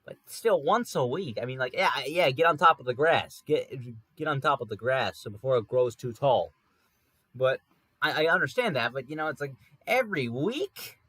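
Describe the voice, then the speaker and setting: A man's voice: mid-range voice, fairly quick, bright, forceful tone. A man rambles through a casual story in a wry, self-correcting way, recorded from an apartment room. His voice sits mid-range and the sound is dry and close, with no room echo. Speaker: podcast host. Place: room in an apartment near a highway.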